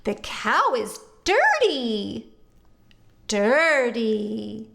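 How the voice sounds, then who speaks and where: A woman speech therapist talks to toddlers in a very high, bouncy voice that leaps all over the place. She stretches every word out slowly, sing-song and exaggerated, and faint music plays behind her. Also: sing-song, fairly bright tone. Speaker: speech-language pathologist teaching toddlers. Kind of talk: children's educational video.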